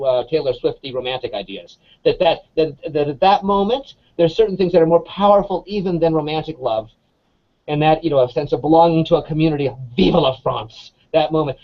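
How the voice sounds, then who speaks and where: A man, an English professor, chatting in an interview as an animated storyteller full of restarts and fillers. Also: on the high side. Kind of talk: casual conversational interview. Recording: dull lo-fi sound.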